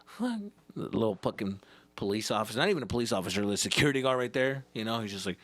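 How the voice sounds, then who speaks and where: A man, a comedian hosting his own podcast, tells profane, animated stories from his childhood and acts out the scenes as he goes. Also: fairly low pitch, fast, gravelly. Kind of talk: profane comedic storytelling monologue.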